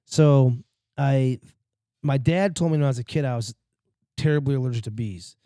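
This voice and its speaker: A man's voice: medium pitch, clean tone, no echo, clean studio sound. A man hosting a podcast, telling funny stories about his family in a casual, profane way. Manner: fast, profane, animated storyteller. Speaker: podcast host. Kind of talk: casual storytelling chat.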